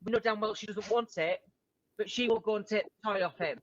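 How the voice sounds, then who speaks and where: A woman joins a video call with a question about her dogs. She talks in a chatty, informal way at a middle pitch. The call audio is dull and lo-fi. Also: fairly quick. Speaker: dog owner asking a question. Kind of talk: casual chat on a video call.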